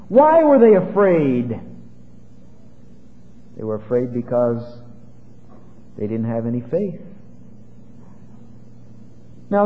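Tinny, echoing male preacher. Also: on the high side. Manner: dramatic preaching with wide swings between loud and hushed. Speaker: pastor. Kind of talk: sermon. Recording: tinny phone-like sound with long hall reverb.

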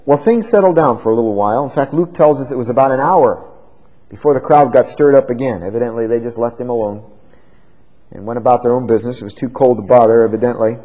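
A man preaching an expository sermon, dramatic, swinging from loud emphasis to hushed tones. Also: mid-range voice, fast talker, poor audio.

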